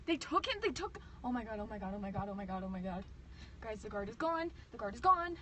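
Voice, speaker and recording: A woman's voice: medium pitch, big pitch swings, quick pace, fairly bright tone. A frightened, shaking woman, a game show contestant, talking to herself and teammates in a car, repeating phrases and swinging from whispers to shrieks. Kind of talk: unscripted live reactions. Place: inside a parked car. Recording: distant mic with clear background noise.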